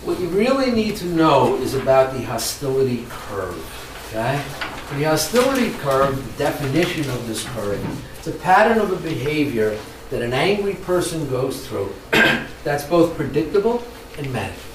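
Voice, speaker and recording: Recorded from a distance in an echoey room with background noise, a man of medium pitch speaks at a moderate pace. He's leading a training workshop before a live audience, telling stories with animation and putting questions to the room.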